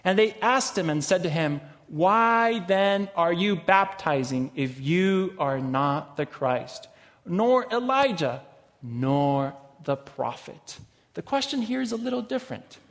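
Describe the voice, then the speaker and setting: A man preaching a sermon and reading scripture, slow and emphatic, with sudden rises in loudness. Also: high-pitched, expressive. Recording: long hall reverb.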